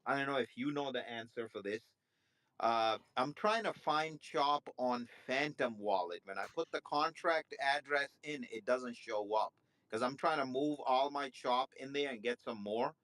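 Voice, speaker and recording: Man, listener, audio chat, mid voice, puzzled, halting. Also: mid-range voice, a bit bright. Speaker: listener asking a question. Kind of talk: casual live audio chat.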